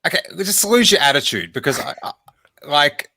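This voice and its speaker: Guy hosting a chatty livestream, jokey and rambly, bright voice, dry close mic. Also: fairly high pitch, big pitch swings, normal speed, no echo. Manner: playful, joking, rambling. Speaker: podcast host. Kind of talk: casual livestream chat.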